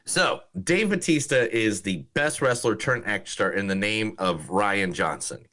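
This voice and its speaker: Animated man on a movie podcast. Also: fairly low pitch, measured pace. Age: adult, married. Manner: joking, animated, laughs often. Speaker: podcast co-host. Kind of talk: casual movie podcast chat.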